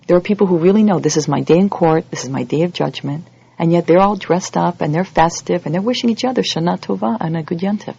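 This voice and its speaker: Gravelly-voiced woman giving a lively lecture. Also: fast. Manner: animated, acts out quoted voices with big pitch jumps. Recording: dull lo-fi audio recording.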